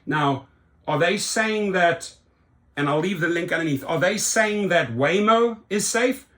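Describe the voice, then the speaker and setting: A man's voice: high voice, expressive, measured pace, bright, forceful tone. A man from South Africa hosting a rideshare channel, giving emphatic opinion commentary and often tagging his points with "right?".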